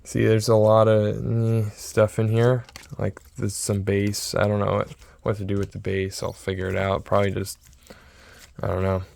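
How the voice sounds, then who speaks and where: Young male vlogger, early twenties, smooth clear voice, excitable and rambling, casual to-camera talk. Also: on the low side, normal speed. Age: 20s. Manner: excitable, rambling, repeats himself. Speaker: sports card seller and vlogger.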